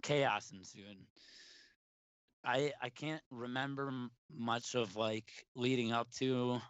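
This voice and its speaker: A man's voice: medium pitch, steady tone, slow, smooth, no room sound. A young man telling a long, rambling story in casual chat, laughing often and restarting his sentences. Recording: dry, dull lo-fi sound.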